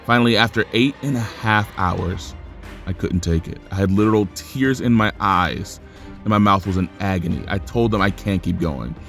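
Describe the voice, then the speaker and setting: Exasperated young man telling a storytime. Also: on the low side. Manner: animated, exasperated storytelling with rising rants. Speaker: vlogger. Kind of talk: storytime vlog.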